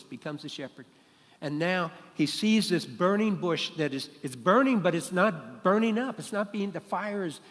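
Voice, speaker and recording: A man preaches a sermon from the front of a church, his voice pitched a little high. He teaches like a classroom lesson and keeps asking his listeners questions. The sound rings with a long reverb from the hall. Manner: teacherly, asks the congregation questions. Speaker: pastor. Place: church sanctuary.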